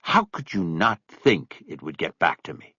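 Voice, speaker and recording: A man voicing a middle-aged man who talks in a curt, forceful way, close to his own low voice. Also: big pitch swings, unhurried, breathy edge, no room sound, muffled recording, heavily acted. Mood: tense. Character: angry, clipped middle-aged man holding back rage.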